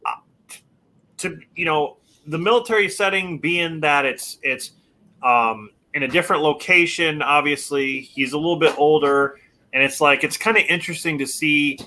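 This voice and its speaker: A man co-hosting a casual movie chat, talking hesitantly with many restarts. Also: on the high side. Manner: hesitant, full of restarts, animated. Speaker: podcast co-host.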